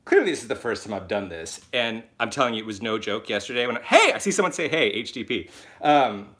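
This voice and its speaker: A young man hosting his first live stream from his phone, chatty and excitable, laughing often as he reads out viewer comments. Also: mid-range voice, fast talker. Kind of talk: casual live-stream chat.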